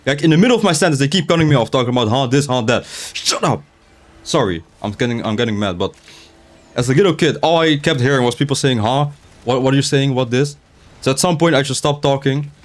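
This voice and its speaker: Rambling young man gaming, speech slightly unclear. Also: medium pitch. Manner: rambling, frequent restarts and filler words. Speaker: gaming streamer. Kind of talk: casual gameplay commentary. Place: his room, seated in a chair.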